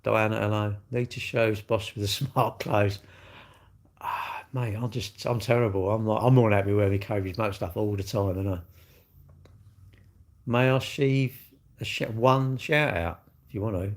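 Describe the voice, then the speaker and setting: A man's voice: fairly low pitch, fairly even intonation, normal speed. An English man, middle-aged, hosting a casual live stream and bantering cheekily with his chat in a rambling, jokey way. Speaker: livestream host.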